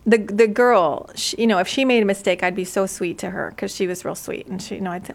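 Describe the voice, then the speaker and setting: Fast-talking playful woman guest. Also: medium pitch, fairly even intonation, creaky, slight background noise. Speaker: guest speaker. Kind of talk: casual radio guest storytelling.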